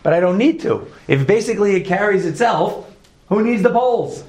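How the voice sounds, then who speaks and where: A man with a Brooklyn accent teaching a Torah class, lively, joking and putting questions to his students. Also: high voice, fairly quick.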